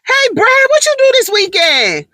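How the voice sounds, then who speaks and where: A woman voicing a loud, sassy, chatty woman coworker with drawn-out vowels and exclamatory greetings. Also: extremely high pitch, wildly swooping pitch, dry recording, voice pushed up, exaggerated voice. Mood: exaggerated, bubbly.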